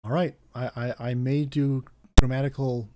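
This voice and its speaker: A man on a casual podcast, reading a character backstory aloud in a relaxed way, with hesitant restarts and frequent throat clearing. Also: mid-range voice, normal speed, background noise.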